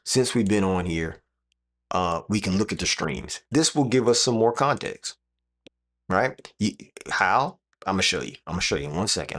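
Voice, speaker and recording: A man's voice: low-pitched, a bit bright. A man streaming live from a room with his computers, talking straight to viewers in an emphatic, repetitive way. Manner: emphatic, repeats phrases, talks straight to chat.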